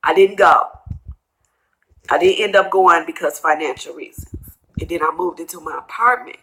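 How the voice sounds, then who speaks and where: A middle-aged woman, tearful and tired, rambling through a personal story in a vlog and quoting others in hushed asides. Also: lowish voice, normal speed, low-quality recording. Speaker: vlogger telling a personal story.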